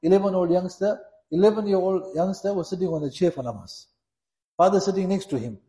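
A man's voice: high voice, fast, mellow. Man, sermon, earnest exhorting tone, echoey room. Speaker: Islamic preacher.

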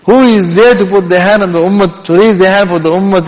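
A man with a notably high voice delivers an earnest sermon, repeating key phrases for emphasis. He weaves Arabic recitation into his English. The sound carries a long reverb, as in a large hall. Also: fairly even intonation, fast talker. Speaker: preacher. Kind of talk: Islamic sermon.

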